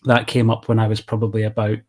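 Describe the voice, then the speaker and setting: A man's voice: on the low side, monotone, quick pace. A British man in his late forties, an interview guest, chatting in an easygoing way as he looks back on his childhood. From United Kingdom. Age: 40s. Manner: easygoing, reminiscing. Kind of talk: casual interview chat.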